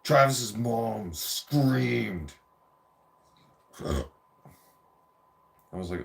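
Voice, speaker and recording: A man's voice: fairly low pitch, expressive, very slow, vocal fry, pauses often. A man in his forties telling a rambling, profane childhood story in a casual rant.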